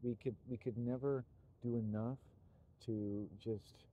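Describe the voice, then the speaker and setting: A man's voice: mid-range voice, fairly even intonation, a little slow, mellow, lo-fi sound, a little hiss or hum. A middle-aged man giving an earnest, rambling personal monologue to his channel, swearing when stirred. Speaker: YouTuber.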